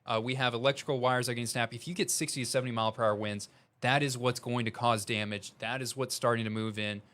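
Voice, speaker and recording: A man's voice: medium pitch, steady tone, fast, a bit bright. A man from Missouri with a Southern Missouri accent, speaking as a meteorologist during live severe weather coverage. His delivery is urgent and conversational, and he reads updates aloud as they come in.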